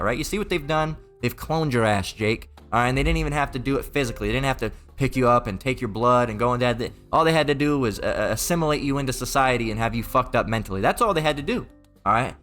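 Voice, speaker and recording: A man's voice: medium pitch, a bit bright. A man preaching in a profane, rambling rant, mocking and crude, with many repeats and stumbling restarts.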